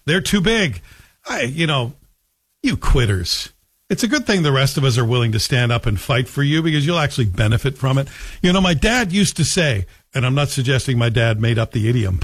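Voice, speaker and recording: A man's voice: mid-range voice, breathy edge, dry recording. A man hosting a radio talk show, delivering a combative, sarcastic opinion monologue from a studio. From Canada. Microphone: studio microphone.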